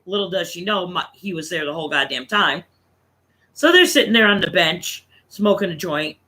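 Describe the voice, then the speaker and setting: A man in his thirties spins a loose, profane family story for his stream. His voice sits high and bright. He talks in a casual, rambling way. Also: lively intonation, normal speed, poor audio. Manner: profane, laughing anecdote-teller.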